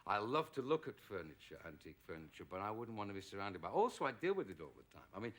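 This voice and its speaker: Casting: middle-aged man from England, slightly low, bright and forceful tone, a lively storyteller who slips into quoted voices. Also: quick pace. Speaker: actor, talk show guest. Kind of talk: anecdotal chat.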